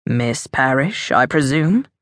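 A woman voicing a dashing, dangerous and cynical male aristocrat in an audiobook, speaking low and dry. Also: animated, takes it slowly, a bit bright, no echo, heavily acted.

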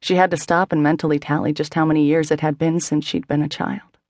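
A woman reading a contemporary novel aloud as audiobook narrator, in a measured, intimate storytelling manner. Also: sits low, little pitch movement, a little mellow, dry recording. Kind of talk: scripted narration.

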